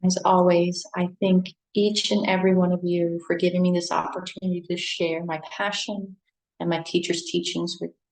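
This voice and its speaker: A woman leading a guided meditation, speaking softly and slowly in a soothing way. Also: lowish voice, little pitch movement, rough recording. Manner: soft, slow and soothing. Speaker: meditation teacher. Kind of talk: guided meditation and live-stream chat.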